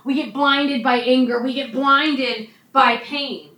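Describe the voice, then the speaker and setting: Bright-voiced woman preaching in an echoey room. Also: high voice, steady tone, takes it slowly. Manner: conversational, frequent "right?" asides. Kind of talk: sermon. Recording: echoey room, mic at a distance.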